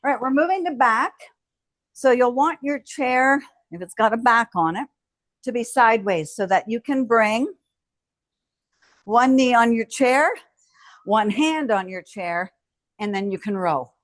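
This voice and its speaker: A woman's voice: a little high, expressive, a little slow, pauses often, no echo. A woman fitness instructor coaching a home strength workout, cueing each move and cheering the viewer on. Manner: encouraging, cueing moves with frequent cheers.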